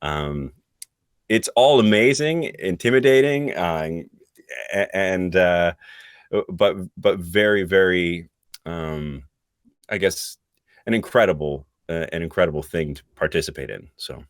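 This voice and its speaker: A middle-aged man, a voice actor guest on a podcast, talking casually and reflectively, often pausing to search for words. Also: deep voice, smooth, no echo, clean studio sound.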